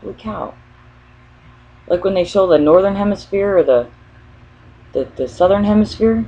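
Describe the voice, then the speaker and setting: A woman's voice: lowish voice, a little mellow, slight background noise. A woman vlogging in a casual spoken monologue, rambling as she thinks aloud and often restarting mid-sentence. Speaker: spiritual vlogger. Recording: dull lo-fi recording.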